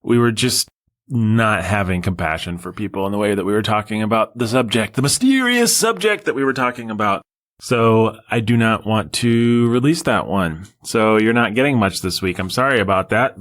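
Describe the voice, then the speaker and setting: A man hosts a podcast on his own, speaking in a fairly low voice. He talks casually and wanders off on tangents. His asides turn dry and sarcastic. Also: moderate pace, fairly bright tone. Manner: wry and digressive, with sarcastic asides. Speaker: podcast host. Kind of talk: casual solo podcast monologue.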